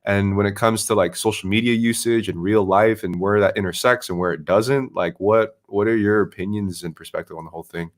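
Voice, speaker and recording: A man who live streams, excitedly retelling an adventure in a casual, swearing chat. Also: fairly low pitch, brisk, hardly any pauses.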